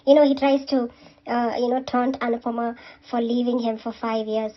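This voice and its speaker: A woman's voice: fairly high pitch, little pitch movement, moderate pace, muffled recording. Chatty woman. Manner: chatty, full of "uh" and "you know", talks straight to the characters. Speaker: serial episode recapper. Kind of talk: casual episode recap.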